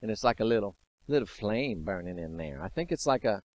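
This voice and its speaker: A man's voice: fairly low pitch, animated, fairly quick, darkish tone, no echo. A man in his fifties giving an emphatic, repetitive spiritual monologue as host of his own channel. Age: 50s.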